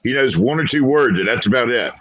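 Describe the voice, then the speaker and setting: A man from Florida with a Southern accent, hosting a casual chat and rambling with many fillers; he has no teeth but speaks clearly. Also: medium pitch, expressive, fast, a bit bright, poor audio. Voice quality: toothless. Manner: rambling, frequent "you know" fillers. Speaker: host.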